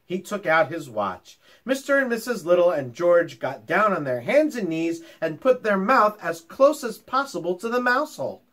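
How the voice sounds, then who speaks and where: A man's voice: sits high, normal speed, few pauses. A male teacher reading a children's chapter book aloud and chatting with his young pupils about it. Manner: animated, talks to children directly.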